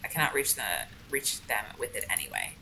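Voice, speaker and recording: A woman's voice: extremely low pitch, huge pitch swings, brisk, vocal fry, sharp tone, slight background noise, poor audio. A woman streaming a game with casual commentary, frustrated and swearing, with many "like" fillers. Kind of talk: casual let's-play commentary.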